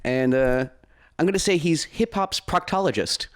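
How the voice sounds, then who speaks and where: A man hosting a podcast, chatting casually with his guest, playful and joking and quick to laugh. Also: fairly high pitch. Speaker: podcast host. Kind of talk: casual interview chat.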